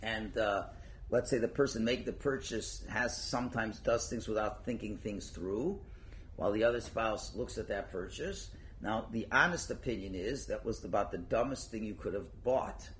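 A rabbi with a fairly low voice gives an informal Torah class at normal speed, with slight background noise. He's animated and joking, acting out everyday arguments and dialogue and mixing in Hebrew and Yiddish terms.

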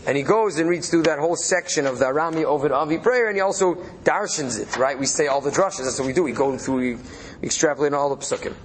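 A man's voice: fairly high pitch, fast talker, slight background noise. A man leading a study session, reading out Hebrew phrases and translating them as he thinks aloud. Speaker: Torah study leader.

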